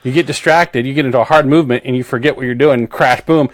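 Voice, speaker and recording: A man's voice: mid-range voice, fast talker, no echo. A man co-hosting a podcast in casual chat, telling stories and acting out callers. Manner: animated storyteller, acts out callers. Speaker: podcast co-host.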